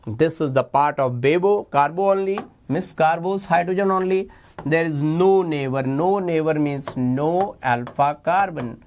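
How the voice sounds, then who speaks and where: A man teaching chemistry for an exam in a playful, animated lecture, often repeating his phrases. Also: on the high side, unhurried, a little hiss or hum. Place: online class recording.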